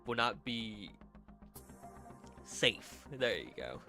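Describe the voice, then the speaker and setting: A man's voice: lowish voice, sing-song, extremely slow, bright, forceful tone, soft background music. A young man streaming, chatting casually with his chat, rambling and laughing with many restarts, his nose a little stuffy. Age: young adult. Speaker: vtuber streamer.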